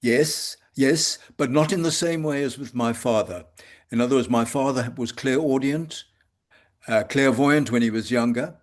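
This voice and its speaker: Older male homeopath, mid-pitched, measured and hesitant, reflective talk. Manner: measured, halting with frequent pauses. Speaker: homeopath guest. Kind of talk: reflective conversation. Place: home consulting room.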